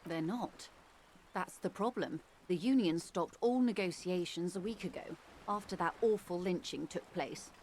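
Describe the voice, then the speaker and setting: A woman voicing a poised negotiator in a video game. She speaks with polished, formal diction in a composed, measured way. Her voice sits fairly low, with faint noise behind it. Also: darkish tone, close to an everyday voice. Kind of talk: game voice acting.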